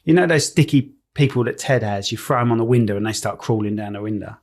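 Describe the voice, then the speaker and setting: A man's voice: fairly low pitch, a little mellow. A man co-hosting a podcast in a studio, joking and teasing in casual chat. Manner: joking and teasing, quick restarts. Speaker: podcast co-host.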